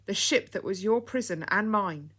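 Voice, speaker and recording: A woman reading the lines of an earnest, excitable young boy in an audiobook story. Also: medium pitch, moderate pace, breathy edge, pitched above the performer's own voice. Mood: eager. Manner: eager, earnest.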